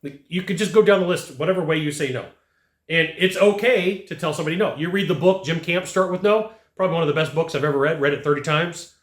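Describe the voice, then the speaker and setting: In an echoey room, a man with a fairly high voice talks fast as he delivers a sales lesson straight to camera. The sales trainer hammers points home emphatically by repeating phrases.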